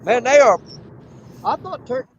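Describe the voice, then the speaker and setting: A man's voice: very high-pitched, sing-song, unhurried, lo-fi sound. A man chatting casually on a fishing live stream, telling stories animatedly and imitating gunshots. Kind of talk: casual chat. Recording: faint outdoor background noise.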